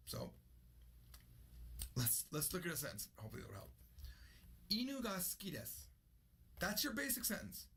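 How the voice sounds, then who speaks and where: A man's voice: high voice, bright, forceful tone, slightly rough. A man teaching a casual online lesson with energy, repeating example sentences aloud. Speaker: language teacher.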